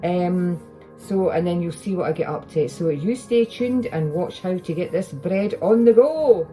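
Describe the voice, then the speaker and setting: This is a Scottish woman with a fairly low, mellow voice, casually chatting through a home baking video. She rambles and restarts her sentences as she works in her kitchen. She is recorded on a phone, with faint music underneath. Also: animated, a little slow. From Scotland. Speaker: home cooking vlogger. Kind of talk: casual chat while baking. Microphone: iPhone.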